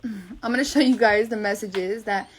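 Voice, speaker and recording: A woman's voice: medium pitch, moderate pace, slight background noise. A young woman telling her viewers a long personal story, blunt, rambling and swearing a lot. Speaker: livestreamer.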